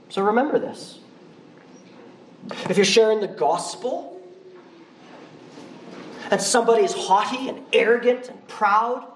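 A male pastor preaching a sermon in a church, conversational and animated. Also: sits high, unhurried, long pauses, a little hiss or hum. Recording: roomy, from far off the mic.

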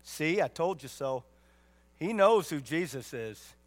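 Preacher guy, kinda high voice, firing off questions, folksy jokes in between. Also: expressive, measured pace. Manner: emphatic, rhetorical questions, folksy asides. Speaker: pastor. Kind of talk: sermon.

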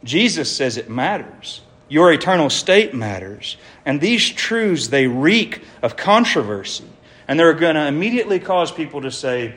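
A man's voice: fairly high pitch, very animated, normal speed, a bit bright. A man preaching an evangelistic sermon to a congregation in an earnest, emphatic way, with many rhetorical questions.

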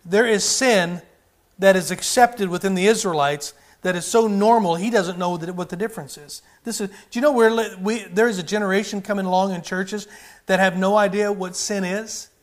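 A man's voice: high voice, normal speed. A man preaching a sermon with fervor, often rising and then dropping his volume. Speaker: pastor.

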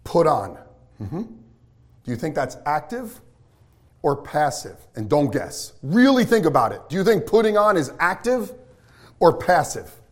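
Male pastor, higher voice, excitable sermon delivery with questions to the room. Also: a little slow.

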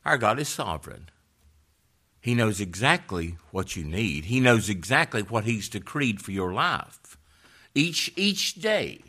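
Slow, bright-voiced preacher with lilt. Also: male voice, expressive, breathy edge. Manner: swings from loud fervent peaks to hushed low emphasis. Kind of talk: sermon.

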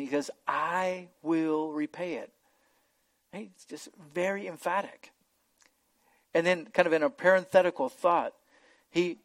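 A man's voice: a little high, dry recording. A man preaching an expository sermon, earnest and emphatic, often repeating words as he goes.

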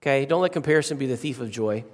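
A man's voice: mid-range voice, lively intonation, rapid-fire. A middle-aged man preaching a sermon to his congregation, emphatic and repeating key phrases as he shifts his pace and volume. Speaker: pastor. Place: church sanctuary. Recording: long reverb of a church hall.

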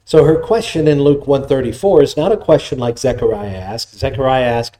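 A man's voice: mid-range voice, normal speed, mellow. A man preaching a sermon, explaining scripture in a conversational, teaching way. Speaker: pastor.

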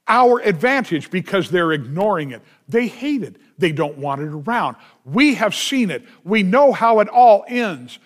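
A man with a high voice preaches slowly and deliberately. He leans on repeated refrains and asks his listeners rhetorical questions, pressing each point home. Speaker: pastor. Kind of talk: sermon.

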